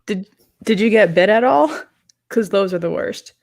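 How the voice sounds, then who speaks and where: A woman in casual chat, soft-spoken and relaxed. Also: mid-range voice, moderate pace, vocal fry.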